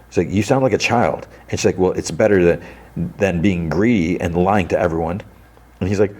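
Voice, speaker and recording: A man hosting a podcast, casually retelling a TV episode in a rambling way with lots of filler words and quick imitations of the characters. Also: deep voice, a little mellow. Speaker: podcast host.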